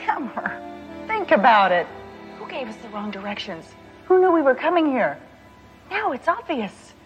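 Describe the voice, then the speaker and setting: An actress playing a sharp, level-headed female police detective who talks in a reasoned, insistent way. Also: high voice, sing-song, moderate pace, lo-fi sound, soft background music.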